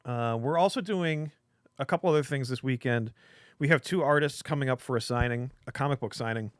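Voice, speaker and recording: A man's voice: mid-range voice, fairly quick, no room sound, clean studio sound. A man hosting a casual live stream from a comic shop, opening cards and rambling with jokes and filler sounds.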